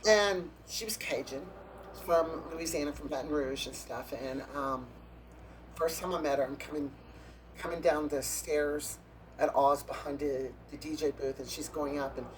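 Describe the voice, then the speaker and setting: A man's voice: on the high side, little pitch movement, normal speed, a little hiss or hum. A man, a drag performer, telling catty backstage stories in a casual, gossipy interview, breaking into laughs and gasps.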